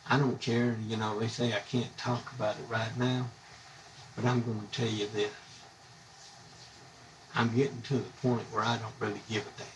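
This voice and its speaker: A man's voice: on the low side, flat delivery, normal speed, long pauses, far from the mic, rough recording. A man from the United States, ranting bluntly and indignantly on a live stream, rambling from one grievance to the next. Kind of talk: angry live-stream rant. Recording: voice a bit off-mic, faint background hum.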